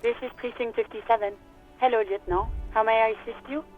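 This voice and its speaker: A woman playing a brisk radio dispatcher over a tinny line. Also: fairly high pitch, steady tone, faint music behind, natural voice. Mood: polite. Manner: polite and efficient. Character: brisk female police dispatcher.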